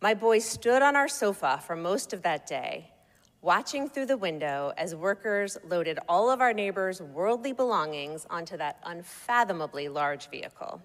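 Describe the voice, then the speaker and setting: A woman reading her own personal essay aloud in a wry, measured storytelling manner. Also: lowish voice, expressive. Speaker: narrator. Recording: long echoey reverb.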